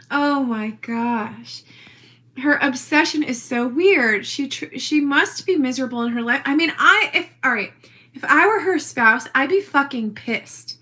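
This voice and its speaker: Speaking a little slowly in a fairly high, sharp-toned voice, this woman rants into her own camera. She's a social media poster, and her rambling self-recorded tirade comes across as brash, profane and defiant.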